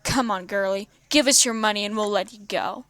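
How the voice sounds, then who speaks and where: A woman's voice: mid-range voice, a little fast, fairly bright tone, no echo, close to an everyday voice. A woman voicing a smug, taunting male gang leader in a read-aloud fan story.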